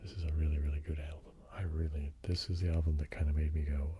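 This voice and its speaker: A soft-spoken ASMR man with an extremely deep voice and a very dark, mellow tone. He drifts in and out of whispers and reads lists slowly, rambling gently as he goes. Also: slight background noise. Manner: relaxed, rambling, slowly reading track lists. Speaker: ASMR host.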